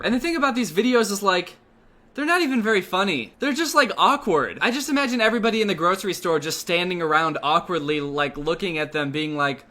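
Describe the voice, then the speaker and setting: A man's voice: sits high, expressive, fast, sharp tone. A young man doing comedic video commentary, sarcastic and incredulous, with jokey asides. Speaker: commentary youtuber.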